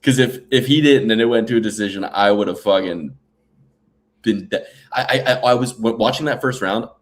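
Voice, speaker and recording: A man co-hosting a sports betting podcast, talking in animated, profane casual chat and often slipping into mocking quoted voices. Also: lowish voice, fairly quick. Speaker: podcast co-host.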